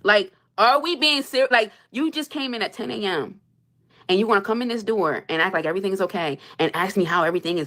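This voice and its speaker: A woman's voice: fairly high pitch, animated, fast, sharp tone. A young woman on a live stream, venting about her marriage in an exasperated, emphatic way and repeating her points. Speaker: livestreamer reacting to super chats. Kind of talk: heated live-stream rant.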